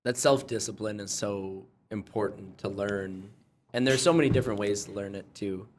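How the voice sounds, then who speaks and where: A young man hosting a podcast, talking loudly in casual chat and often restarting his sentences. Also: lowish voice, steady tone, normal speed, a little hiss or hum. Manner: loud, rambling, with many restarts. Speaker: podcast host.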